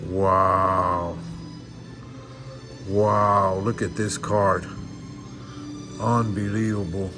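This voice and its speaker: A man's voice: sits low, flat delivery, extremely slow, pauses often. A man opening trading card packs on camera, awestruck and repeating exclamations of wonder. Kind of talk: excited unboxing commentary. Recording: background music.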